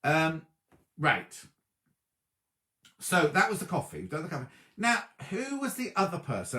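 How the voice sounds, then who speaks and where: A man's voice: fairly high pitch, a little slow, long pauses, echoey room. A man hosting a sewing livestream from home, chatting casually and reading out viewer comments. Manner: chatty, lively, reacts to live comments. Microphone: laptop or tablet on a video stream.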